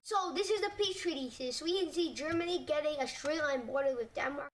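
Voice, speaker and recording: A woman narrating a map scenario in a casual, hesitant way, often pausing on "like" and correcting herself. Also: high-pitched, distant mic, a little hiss or hum. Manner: hesitant, full of "like" and self-corrections.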